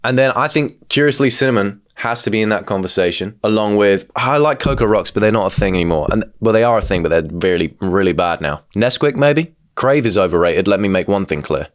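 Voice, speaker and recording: Animated low-voiced British man. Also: fairly quick, few pauses. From United Kingdom. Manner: joking, animated, cheeky asides. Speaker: reaction video host. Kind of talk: casual comedic reaction commentary.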